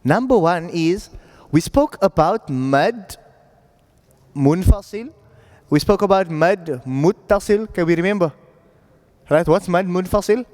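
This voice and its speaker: A man teaching Quran recitation in a relaxed classroom manner, often pausing to ask "right?" to check that his students follow. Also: sits high. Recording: echoey classroom audio.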